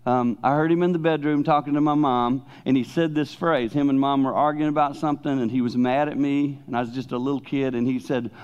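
A middle-aged male pastor preaching a sermon in a loose, conversational way. His pitch sits in a middle register, and he often drops to hushed tones for emphasis. The recording sounds dull and lo-fi. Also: smooth. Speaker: pastor and speaker.

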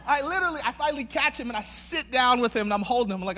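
A man's voice: very high voice, racing, sharp tone. A man preaching a sermon, telling a self-mocking personal story in a loose, chatty way and acting out the voices. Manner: acts out voices in his stories; loose, chatty, many fillers and restarts. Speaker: pastor.

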